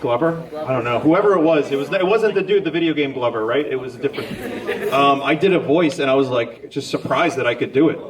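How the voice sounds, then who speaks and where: A man's voice: mid-range voice, a little fast, a crowd in the background. A man on a comedic convention panel, rambling and joking self-deprecatingly as he answers audience questions. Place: large convention hall with an audience. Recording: distant mic in a crowded hall.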